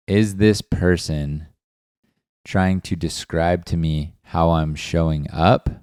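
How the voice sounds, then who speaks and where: A man's voice: sits low, a little mellow, clear, resonant tone, dry recording, clean studio sound. A man co-hosting a podcast, talking through relationship examples in a casual, reflective way and acting out little dialogues. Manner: reflective, talks through examples with acted-out quotes. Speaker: podcast co-host. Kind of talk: casual chat.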